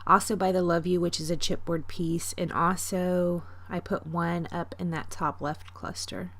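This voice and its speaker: A woman's voice: fairly low pitch, little pitch movement, unhurried, a bit bright. A woman narrating her scrapbooking in a chatty, self-deprecating, rambling voiceover from her home craft desk. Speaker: scrapbooking vlogger.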